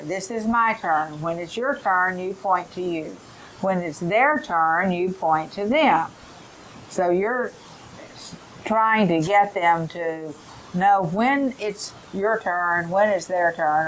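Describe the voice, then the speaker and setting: A middle-aged woman giving a teacher training lesson, explaining in a slow, careful way and modelling rhyming drills for children. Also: on the low side, a little hiss or hum, rough recording.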